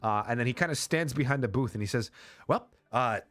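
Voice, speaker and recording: A man's voice: mid-range voice, fast talker, fairly bright tone, no echo. Rambling man narrating a tabletop game. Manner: rambling, filler-heavy narration. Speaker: game master.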